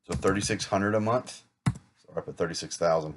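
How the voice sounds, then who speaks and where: Man, lowish voice, rehearsing a sales pitch, chatty and joking, faint typing behind. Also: brisk, background noise. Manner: casual, chatty, self-correcting with small jokes. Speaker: insurance agent rehearsing a client pitch. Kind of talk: practice sales role-play.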